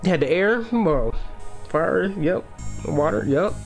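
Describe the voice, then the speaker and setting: A young man talks through a film in a loose, profane monologue full of slang, getting excited as he goes. His voice sits a little on the high side. Faint music plays underneath. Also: slow, vocal fry. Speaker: podcast host. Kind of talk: casual film breakdown monologue.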